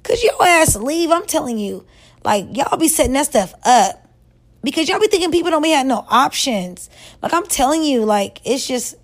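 A woman vlogger giving relationship advice in a blunt, profane, scolding rant, stretching words and jumping up in pitch for emphasis. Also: lively intonation, normal speed. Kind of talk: casual rant to camera.

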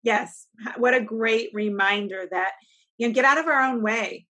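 A woman's voice: fairly high pitch, normal speed, sharp tone. A woman co-hosting a podcast as a coach, talking in an earnest, encouraging way and often repeating words. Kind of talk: casual podcast chat.

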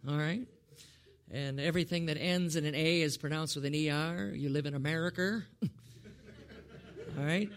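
High-voiced animated preacher. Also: male voice, moderate pace, pauses often. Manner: animated, rhetorical questions, chuckles often, addresses listeners by name. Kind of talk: sermon.

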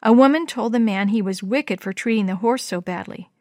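A woman reading a Christmas story aloud in a gentle, measured storytelling manner. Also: on the high side, dry recording, studio quality. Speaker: story reader.

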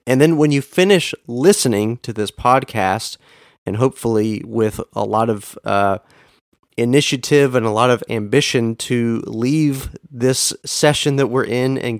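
An earnest male podcast host teaching in a direct, emphatic way, leaning hard on key words with sudden jumps in pitch. His voice sits in an ordinary middle register and sounds dry and close, with almost no room around it. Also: no echo. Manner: emphatic, stresses words with big pitch swings; earnest, addresses the listener directly.

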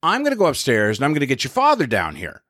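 A man's voice: mid-range voice, huge pitch swings, quick pace, fairly bright tone, no room sound, clean studio sound. A man voicing an exasperated mother who keeps pleading with her child in a nagging way.

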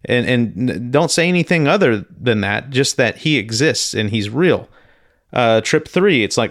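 A man hosting a personal storytelling podcast, talking in a halting, earnest way with many restarts and repeated words. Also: mid-range voice, lively intonation, no echo, studio quality. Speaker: podcast host.

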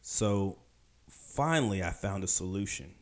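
Man, low voice, casual animated storyteller; emphatic, acts out the people he quotes. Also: a little slow. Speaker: podcast storyteller.

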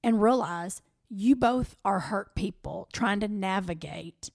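A woman's voice: mid-range voice, slow, vocal fry, no echo, studio quality. Chatty Southern woman podcast host. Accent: Southern American. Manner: animated, chatty, with playful quoted voices. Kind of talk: candid podcast chat.

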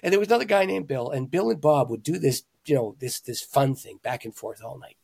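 A man, a pastor and author, telling stories in an interview with animated emphasis, swinging between loud, excited lines and hushed ones. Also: medium pitch, a little fast, creaky, slightly rough. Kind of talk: conversational storytelling.

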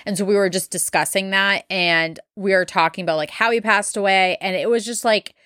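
A woman's voice: mid-range voice, fairly even intonation, brisk, a bit bright, no room sound. Young woman podcaster rambling a story, lots of likes, cusses, dry close sound. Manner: filler-heavy, swears bluntly. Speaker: podcast host. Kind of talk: casual storytelling.

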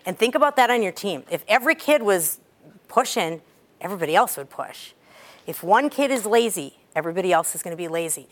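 A woman in her sixties, a cheer coach giving a talk to a group, telling stories in a chatty, animated way. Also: mid-range voice.

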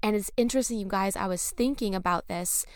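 Brief: hoarse woman, podcast host, gushy and earnest, dry close mic. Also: medium pitch, brisk, no echo. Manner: gushing, earnest, openly nervous, chatty. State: recovering from lost voice, hoarse. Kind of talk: spiritual self-help podcast monologue.

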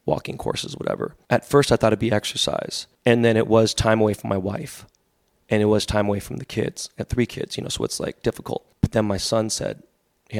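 A man's voice: lowish voice, creaky, dry recording, studio quality. A man in his forties, a podcast guest, telling rambling stories full of fillers. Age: 40s. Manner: fast, rambling storytelling with many fillers. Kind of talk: casual podcast chat.

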